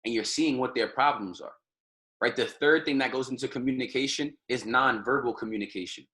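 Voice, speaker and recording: A man's voice: medium pitch, a little fast, bright, forceful tone. A man giving an informal motivational lesson on a group call, repeating phrases and tagging nearly every point with "right?". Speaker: trading community call leader.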